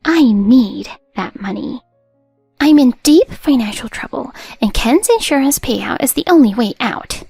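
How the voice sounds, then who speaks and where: A woman voicing a desperate, debt-ridden young widow who turns accusing and sharp. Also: a little high, animated, brisk, breathy edge, dry recording, faint music behind, voice pushed up. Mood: pleading.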